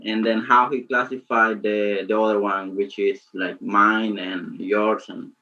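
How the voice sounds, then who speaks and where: A man's voice: on the low side, little pitch movement, a little slow, bright, forceful tone, highs cut off. A male student asking the professor a hesitant question in class.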